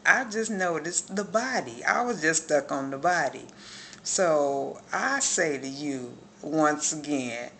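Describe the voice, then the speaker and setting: A woman's voice: low-pitched, lively intonation, slow, gravelly, fairly bright tone, a little hiss or hum. A woman giving a spoken religious testimony and prayer on a phone, fervent and repeating words of praise. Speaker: believer sharing a testimony.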